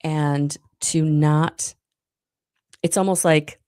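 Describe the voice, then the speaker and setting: A woman reads tarot cards live for her viewers in a low voice with a gravelly edge. She talks slowly and softly, with a spiritual tone, and often pauses on ums. She gets emotional at times. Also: steady tone. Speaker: tarot reader.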